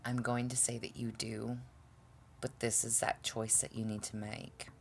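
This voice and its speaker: Blunt, exasperated low-voiced woman. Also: flat delivery, unhurried, gravelly, slight background noise. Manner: exasperated, blunt, swears often, stumbles over words. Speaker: tarot reader. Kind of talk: casual collective tarot reading.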